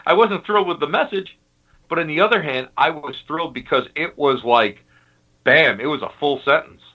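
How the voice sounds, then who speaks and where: A man, a guest on a paranormal talk show, telling his stories in an animated, emphatic casual chat. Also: a little high, normal speed, husky, lo-fi sound.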